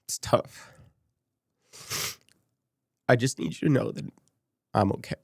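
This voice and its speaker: A man from Las Vegas, USA, appears as a podcast guest, speaking slowly with long pauses in a medium-pitched, slightly mellow, breathy voice. He shares a candid personal story, quoting past conversations, and sometimes gets emotional and choked up. The studio sound is clean with no echo.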